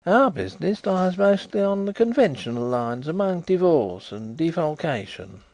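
A man's voice: fairly high pitch, very animated, moderate pace, darkish tone, dry recording, pitched above the performer's own voice. A man voicing an earnest, slightly flustered middle-aged ex-solicitor turned detective in an audiobook reading.

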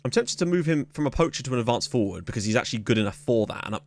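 A man hosting a let's play, giving excitable running commentary on a match with sudden yelps at big moments. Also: mid-range voice, rapid-fire, gravelly. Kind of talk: casual gameplay commentary. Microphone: camera mic.

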